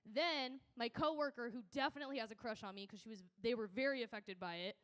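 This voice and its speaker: A woman's voice: on the high side, fast, fairly bright tone. A woman doing a stand-up set on a club stage, telling a rambling, self-interrupting story into a handheld mic. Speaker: stand-up comedian.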